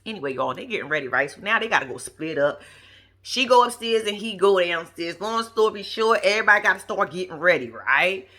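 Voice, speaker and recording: A woman's voice: mid-range voice, expressive, brisk, pushed and bright. A woman giving casual, profane, gossipy commentary on a reality TV episode, laughing often as she talks. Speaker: reality TV recap vlogger.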